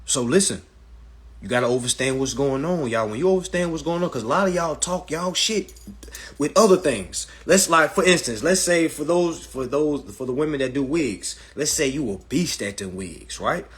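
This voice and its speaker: A man hosting a casual phone livestream, talking in a brash, profane, animated way and slipping into mocking voices. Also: fairly high pitch, moderate pace. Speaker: livestream host giving legal advice.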